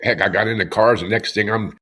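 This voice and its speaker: A man's voice: lowish voice, steady tone, fast, sharp tone. A middle-aged man from Pennsylvania telling his own story in a podcast interview, earnest and often repeating words as he starts a sentence. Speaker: interview guest. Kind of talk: conversational storytelling.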